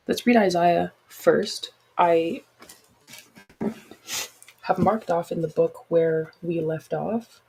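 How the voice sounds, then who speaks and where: A woman hosts a casual livestream like a podcast, talking frankly and chattily and offering apologetic asides to her listeners. Her lowish voice is creaky, husky and a bit mellow, captured in a low-quality recording.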